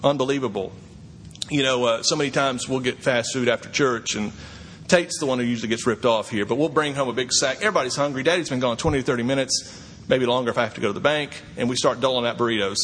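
A middle-aged man preaching a sermon as a pastor, swinging from quiet asides to high, incredulous exclamations. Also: quick pace, slight background noise. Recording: long hall reverb, faint ambience.

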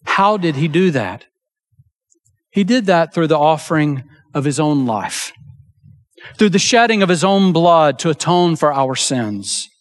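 A man preaching with a slightly higher voice than most men. He delivers his sermon earnestly and emphatically, slowing down on key phrases and voicing quoted lines with feeling. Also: lively intonation. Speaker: pastor.

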